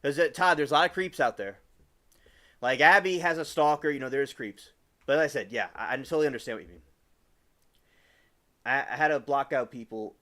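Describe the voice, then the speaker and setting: A man's voice: medium pitch, a little fast, pauses often, pushed and bright. A man in his twenties rambling casually on a live stream, greeting chat viewers by name and restarting his sentences often. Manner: rambling and chatty, with many restarts.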